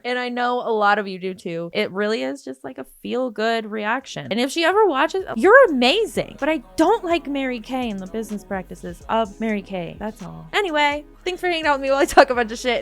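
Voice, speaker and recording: A woman's voice: medium pitch, dry recording. A woman host giving casual reaction commentary, frank and blunt, swearing freely.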